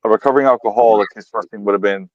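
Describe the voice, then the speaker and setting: A man with a New England accent co-hosts a fishing podcast, retelling phone calls in a casual, emphatic and profane chat. His lowish voice moves very fast, with no echo and a dull audio quality.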